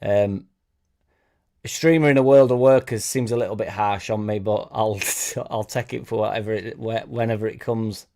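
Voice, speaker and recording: A man's voice: on the low side, fairly even intonation, moderate pace, dark tone. A man hosting a fan channel live stream, talking casually and rambling between topics and viewer comments, with self-deprecating asides.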